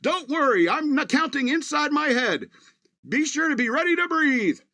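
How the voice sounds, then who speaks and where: A relentlessly cheerful male AI robot assistant, as a man puts him on, chirping its announcements in a high, bright voice. It sounds upbeat no matter what it reports. The sound is dry and close. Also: lively intonation, normal speed, dry recording, full character voice.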